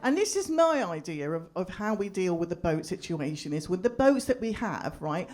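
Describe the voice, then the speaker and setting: Woman stand-up comic, lively pitch, chatty crowd-teasing delivery. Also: normal speed. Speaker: stand-up comedian. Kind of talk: stand-up comedy set. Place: live comedy venue with audience.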